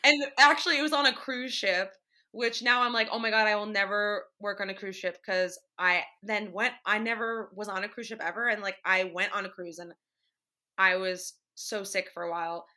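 A woman's voice: medium pitch, moderate pace, bright, forceful tone. A woman in her twenties, an actress, telling a story in a chatty way and laughing as she talks. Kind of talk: casual storytelling.

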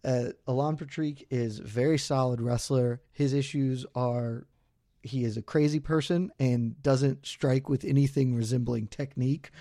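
A man co-hosts a betting podcast in a relaxed, mellow voice. He rambles and jokes at his own expense while he lays out his picks. The sound is close and dry. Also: mid-range voice, no echo. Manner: loose, rambling, self-deprecating. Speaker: podcast co-host. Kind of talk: casual betting podcast chat.

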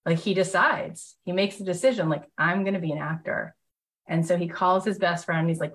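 A middle-aged woman giving a live motivational talk, telling stories with animated enthusiasm and chatty fillers. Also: lowish voice, normal speed, low-quality recording. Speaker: motivational speaker and program host.

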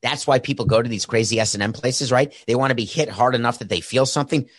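A fast-talking sports podcast host with a mid-range voice runs his show alone, rambling and sarcastic with jokey tangents. He uses a headset mic with an earpiece in a home studio with a camera and soundboard, and there's no room sound.

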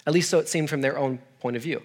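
A man with a fairly high voice preaches as a youth pastor, mixing scripture with funny personal stories. He talks casually, tosses in self-deprecating jokes and keeps asking his listeners questions. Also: quick pace. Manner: joking asides and self-deprecating humor; conversational, asks the audience questions. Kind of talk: humorous storytelling sermon.

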